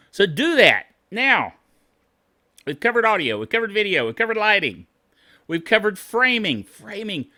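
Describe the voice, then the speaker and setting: A man hosting a tech show, talking straight to camera in a lively, swooping voice with a bright, sharp edge. He gripes like a cheerful curmudgeon, chuckles a lot and keeps asking "okay?" between his tips. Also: sits high. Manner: griping, self-styled curmudgeon; chuckles often, tags lines with "okay?".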